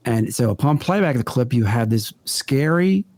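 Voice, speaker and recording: Mellow-voiced man telling earnest stories. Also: medium pitch, animated, no echo. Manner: earnest, deliberate, builds stories step by step. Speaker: podcast guest, paranormal investigator. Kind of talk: conversational storytelling in an interview.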